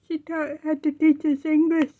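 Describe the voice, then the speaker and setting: A woman's voice: sits high, level tone, moderate pace, no echo, phone-quality sound. A woman telling a funny story in a casual way, giggling and laughing often.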